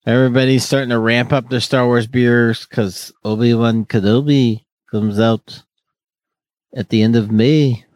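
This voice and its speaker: A man's voice: medium pitch, fairly even intonation, unhurried, a little mellow, no room sound, clean studio sound. A man hosting a casual podcast chat, joking and rambling with many restarts. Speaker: podcast host.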